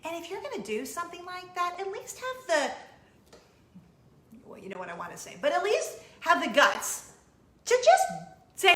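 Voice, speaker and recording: A woman in her thirties tells a story to camera, her voice bright and a touch high. She gets emotional and animated and jumps up sharply when she quotes herself. The room around her rings with echo. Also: normal speed. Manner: emotional and expressive, high excited quoting. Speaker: vlogger, show host. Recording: echoey room.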